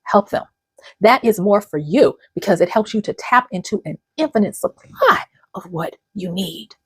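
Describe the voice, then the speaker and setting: Close to tears at moments, a woman in her fifties delivers a heartfelt, personal motivational message to her channel's viewers. She speaks at normal speed in an animated, medium-pitched voice that's slightly rough, with no room sound.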